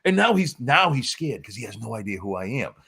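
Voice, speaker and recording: Male guest, New England accent, animated storyteller, lively pitch. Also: a little fast, creaky, husky. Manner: animated, acts out quotes with high-pitched voices. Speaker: wrestling promoter guest. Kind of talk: casual storytelling.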